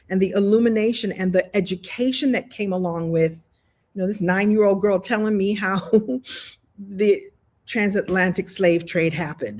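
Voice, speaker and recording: A woman's voice: mid-range voice, moderate pace, a little mellow. A woman hosting an online coaching workshop, telling stories with lots of animation, acting out voices and laughing often. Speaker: host of a coaching challenge. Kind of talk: live online workshop talk, storytelling. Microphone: video call.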